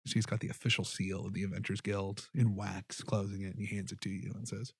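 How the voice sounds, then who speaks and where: A man narrating a tabletop game as game master, relaxed and descriptive. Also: on the low side, fairly quick, vocal fry, slightly rough, no echo.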